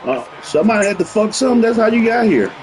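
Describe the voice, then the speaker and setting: High, animated man trash-talking while gaming. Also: fast, slight background noise, low-quality recording. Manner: heated, mocking, repetitive jabs. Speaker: gamer streaming a football video game. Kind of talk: profane trash talk over gameplay.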